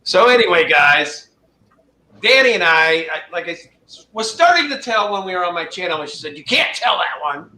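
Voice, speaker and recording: A man's voice: high-pitched, sing-song, moderate pace, bright, forceful tone, roomy sound, rough recording. A man casually telling a funny story on a livestream, acting out the people he quotes. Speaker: guest storyteller.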